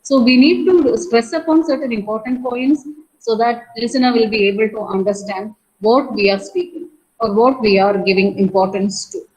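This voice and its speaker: A woman college lecturer teaching an online class, explaining slowly with frequent fillers and restarts, repeating key points and asking students questions. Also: on the high side, a little mellow, rough recording. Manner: asks students questions and praises answers.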